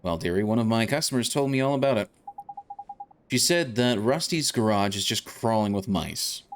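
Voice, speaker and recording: A man's voice: on the low side, a little hiss or hum, close to an everyday voice. A man voicing a fussy, doting older woman who owns a cat in a video game, cooing and fussing as she talks. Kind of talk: reading game dialogue aloud.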